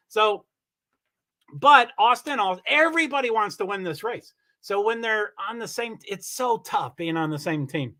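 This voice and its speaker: A man hosting a livestream, giving rambling, chatty commentary on a car race and swearing when he gets excited. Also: high voice, normal speed. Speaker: livestream host. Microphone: computer mic on a streaming call.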